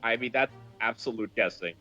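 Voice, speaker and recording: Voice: medium pitch, brisk, bright, forceful tone, muffled recording, soft background music. A co-player on a game stream, making dry, crude jokes in casual chat. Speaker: let's play co-player. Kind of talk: casual let's play chat.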